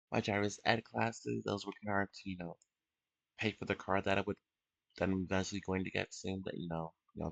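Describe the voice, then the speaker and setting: A teenage young man giving an unscripted personal confession at home, emotional and halting, with many fillers and restarts. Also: on the low side, vocal fry, no echo, highs cut off. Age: teens. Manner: emotional, soft-spoken. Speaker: vlogger.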